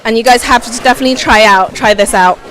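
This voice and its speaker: A woman's voice: fairly high pitch, quick pace, fairly bright tone, faint music behind, low-quality recording. A woman presenting a TV food segment on camera. She is chatty and upbeat, thinking aloud as she describes and tastes the dishes.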